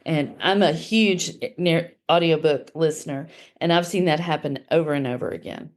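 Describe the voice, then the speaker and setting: A woman's voice: deep voice, normal speed. A woman co-hosting a writing podcast, who chats in an enthusiastic, self-deprecating way. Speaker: podcast co-host. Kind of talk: casual podcast chat.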